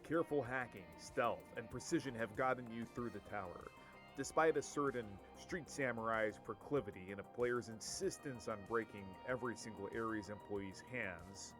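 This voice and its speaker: A man voicing a dry, exasperated game master who narrates the scene in an animated skit. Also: medium pitch, moderate pace, over music, natural voice.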